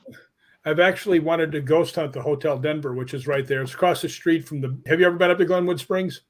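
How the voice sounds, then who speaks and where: Guy telling funny ghost hunting stories, animated, kinda high voice, laughs a lot. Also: quick pace. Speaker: guest. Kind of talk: casual storytelling. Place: live online show, remote call.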